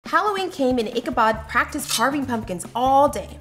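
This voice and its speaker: A woman reading a children's story aloud in a playful, animated way, acting out sounds. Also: sits high, normal speed. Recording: music under the voice.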